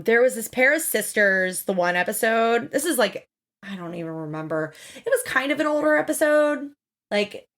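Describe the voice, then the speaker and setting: A woman co-hosting a podcast, chatting casually and expressively as she recaps a TV show, swearing freely and acting out quotes. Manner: animated, expressive, swears freely, acts out quotes with big pitch jumps. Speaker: podcast co-host.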